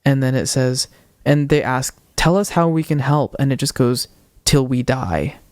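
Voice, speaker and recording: A young man on a podcast, retelling a ghost-hunting video with animated quoted voices in casual storytelling. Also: mid-range voice, measured pace, no echo, studio quality. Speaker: podcast co-host.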